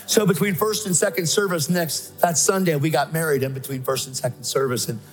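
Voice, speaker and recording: Man, preacher, emphatic testimony, fairly high voice, faint music behind. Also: brisk. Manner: emphatic, excitable, acts out voices. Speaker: guest speaker preaching. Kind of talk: sermon with personal testimony.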